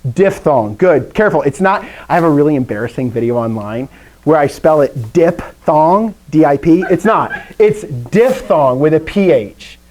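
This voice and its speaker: A man's voice: fairly high pitch, lively intonation, moderate pace, a little mellow, low-quality recording. A young man teaching a Greek class for adults, upbeat and self-deprecating, drilling words aloud for his students to repeat. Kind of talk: classroom lesson with call-and-response drills.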